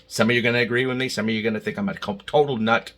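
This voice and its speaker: A man hosting his own channel, giving a heated, emotional opinion monologue with many restarts and sudden loud outbursts. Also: mid-range voice, fairly even intonation, very fast. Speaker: channel host.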